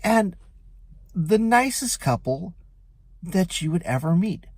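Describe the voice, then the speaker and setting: A man's voice: high voice, slow, dry recording. Chatty man telling a rideshare story. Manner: chatty, animated retelling with lively quoted voices. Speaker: rideshare driver. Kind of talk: casual storytelling vlog.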